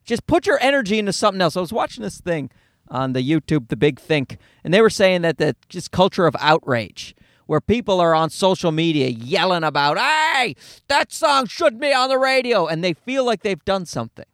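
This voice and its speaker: A man in his thirties hosts a casual comedy podcast, ranting with plenty of swearing and bursts of mock voices. His voice sits high and leaps around a lot. The sound is dry and close, as from a small home studio. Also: brisk, no room sound. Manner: animated, profane, ranting with acted-out voices.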